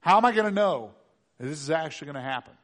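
A man's voice: fairly high pitch, animated, very fast, lightly acted. A man voicing an anxious, doubting old priest who stammers between pleading and disbelief. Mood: incredulous.

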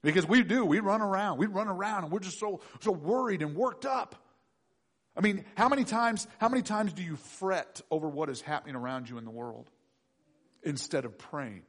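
A middle-aged man preaching a sermon, acting out voices and swinging from loud to hushed. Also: high voice, moderate pace. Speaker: pastor.

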